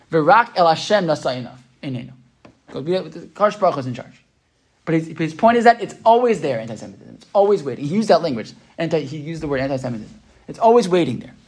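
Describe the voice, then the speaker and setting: A man teaching a class, reading texts aloud slowly and explaining them, often checking in with "right?". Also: on the high side, slightly rough. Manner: reads Hebrew texts slowly then explains. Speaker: Torah teacher. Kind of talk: text-based class lecture.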